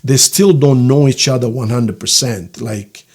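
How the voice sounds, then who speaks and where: A man giving a casual tarot reading, rambling and halting, now and then voicing quoted feelings in a hushed, soft tone. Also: medium pitch, slightly rough. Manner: rambling, halting, searches for words. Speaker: tarot reader.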